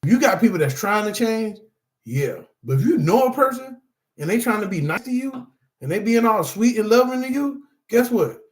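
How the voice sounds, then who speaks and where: Sharing personal testimony, a middle-aged anger management teacher speaks emphatically and repetitively, addressing the audience as "y'all" again and again. His high-pitched voice has a sing-song quality at a moderate pace, and the room is reverberant.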